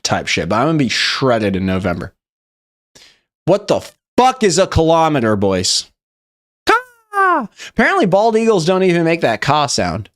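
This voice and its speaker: A man's voice: a little high, big pitch swings, normal speed. A young man hosting a live stream, reacting loosely and profanely to memes, rambling and chatty. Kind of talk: casual live-stream meme review.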